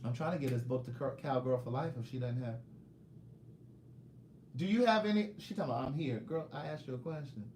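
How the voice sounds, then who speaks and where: A man's voice: medium pitch, fairly quick, long pauses, a little mellow, reverberant, slight background noise. A man hosting a casual livestream, reading viewer comments and playfully calling viewers "niece". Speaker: livestream host and author selling his books.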